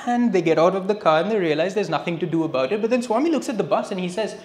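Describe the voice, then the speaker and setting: A man giving a public spiritual lecture, telling stories with a lively delivery and dropping in Hindi phrases. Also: sits high, very fast, few pauses. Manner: lively storyteller, switching between English and Hindi phrases. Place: lecture hall, indoors. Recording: echoey hall with faint noise.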